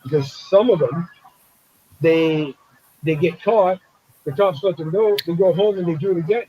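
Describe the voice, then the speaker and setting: A man's voice: fairly high pitch, moderate pace, lo-fi sound, a little hiss or hum. Blunt, swearing man on a call. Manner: blunt, swears, acts out quoted people. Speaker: show host. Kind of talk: casual live-stream chat.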